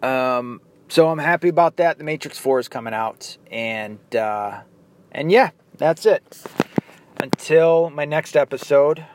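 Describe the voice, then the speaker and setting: A man's voice: fairly high pitch, lively intonation, a little slow, a little hiss or hum. A man hosting his own podcast, ranting angrily and profanely, firing off rhetorical questions. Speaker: podcast host. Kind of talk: angry political rant.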